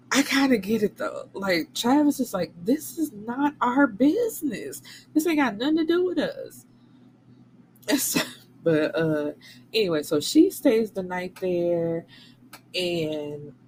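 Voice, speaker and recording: A woman's voice: deep voice, darkish tone, slight background noise, poor audio. A woman hosting a book channel, recapping a novel in a casual, blunt and profane way, slipping into the voices of the people she quotes. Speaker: book reviewer and channel host.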